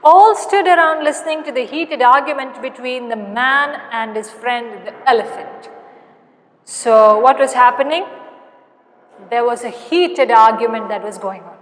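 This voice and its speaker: A woman with an Indian English accent teaching an English lesson, explaining patiently and repeating key points with many pauses. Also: fairly high pitch, long reverb tail. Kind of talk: recorded classroom lesson.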